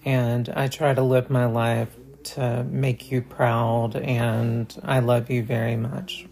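A woman vlogger giving a heartfelt, halting holiday message to her viewers, with many pauses and fillers. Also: extremely low pitch, fairly even intonation, creaky, warm tone. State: choked up.

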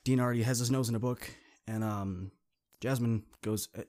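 A man's voice: medium pitch, steady tone, normal speed, a little mellow. A man hosting a podcast, telling a second-person story in a casual, conversational way. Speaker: podcast host.

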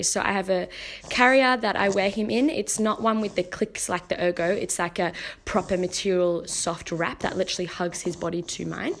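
A woman's voice: medium pitch, a little hiss or hum. Earnest young mother talking casually. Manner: earnest and encouraging, many fillers like "um" and "like". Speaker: podcast host, mother. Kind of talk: casual heartfelt talk.

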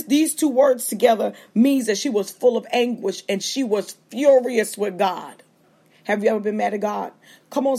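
A woman preaching a sermon on a livestream with fervent call-and-response delivery and quick acted-out asides, speaking. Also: fairly high pitch, mellow, husky. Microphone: livestream feed.

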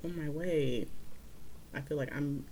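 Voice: mid-range voice, unhurried, dark tone, slight background noise. A podcast co-host in casual chat, laid-back and wry, often laughing and groaning.

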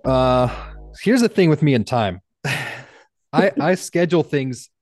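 A man's voice: mid-range voice, lively intonation, takes it slowly, darkish tone, no echo, soft background music. A man from Canada, a business owner, chatting candidly as a podcast guest and rambling through frequent restarts. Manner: candid, rambling, self-deprecating with many restarts. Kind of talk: casual interview chat.

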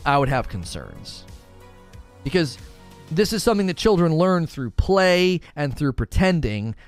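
A man's voice: a little high, clear, resonant tone, dry recording, studio quality. A man in his thirties, a father, giving blunt opinions in casual chat while answering questions, often restarting his sentences.

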